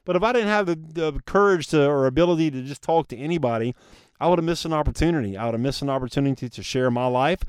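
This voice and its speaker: Earnest podcast guy giving a motivational talk, kinda high voice, super dry close sound. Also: darkish tone, clean tone, dry recording. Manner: earnest, casual, addresses listeners as guys. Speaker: podcast host.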